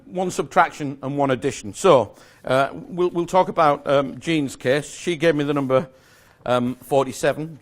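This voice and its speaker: A man's voice: fairly high pitch, fairly bright tone. A man giving a live magic lecture to an audience, explaining step by step in a chatty, self-correcting way with small jokes.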